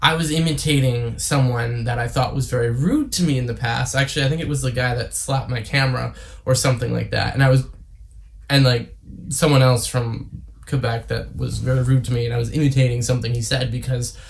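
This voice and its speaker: A man's voice: medium pitch, steady tone, brisk, gravelly. A young man from Canada talking casually to camera, rambling with many fillers and tangents. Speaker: YouTuber. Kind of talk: casual vlog monologue.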